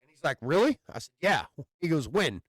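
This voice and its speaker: A man tells a long story in a casual chat, swearing freely and stammering through restarts. His voice sits a little high, and the sound is dry and close with no room around it. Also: sing-song, fairly quick, slightly rough, dry recording. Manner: rambling storyteller with loose profanity and stammered restarts. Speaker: podcast host.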